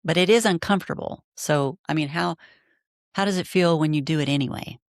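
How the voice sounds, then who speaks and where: A woman's voice: low-pitched, a little fast, no echo, clean studio sound. A woman hosting a podcast, asking thoughtful, searching questions of her guest. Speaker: podcast host. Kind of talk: podcast interview.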